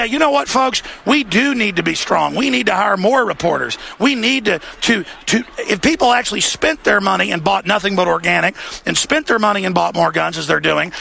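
A man's voice: high-pitched, creaky, bright, forceful tone, dry recording. A man hosting a talk show, ranting in an impassioned way. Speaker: host.

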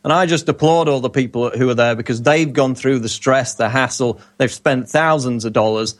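A man's voice: medium pitch, normal speed. A man giving commentary on a talk show as correspondent, indignant and emphatic.

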